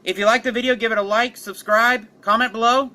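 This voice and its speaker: Young man, fan-story narrator, high pitch, bright tone, playful, dramatic. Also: steady tone, a little fast. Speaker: channel host and storyteller.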